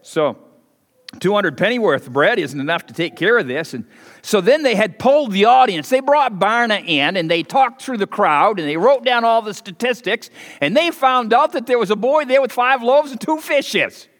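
A man preaching a sermon as pastor, telling folksy stories and leaping higher and louder for emphasis. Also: animated, moderate pace. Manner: folksy storytelling, swings loud and high for emphasis. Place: church sanctuary. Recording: preached in a hall with long reverb.

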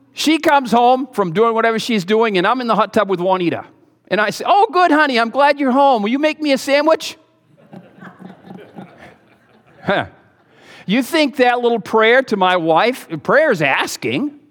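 A middle-aged man preaching a sermon as pastor, folksy and joking, moving from low asides to loud exhortation. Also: long reverb tail.

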